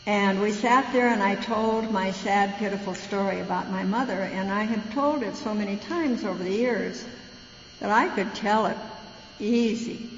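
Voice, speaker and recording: A woman's voice: medium pitch, moderate pace. Woman telling her story in an echoey hall. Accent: American. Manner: folksy storytelling, frank and plainspoken. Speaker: guest speaker at a recovery meeting. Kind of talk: personal recovery talk. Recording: dull, echoey hall recording with hum.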